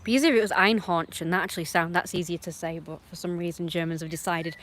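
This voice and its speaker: A woman ranting on her livestream in a blunt, rambling way, swearing often and swinging between muttering and loud outbursts. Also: on the low side, fairly even intonation, fast talker, hardly any pauses. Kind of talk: casual livestream rant.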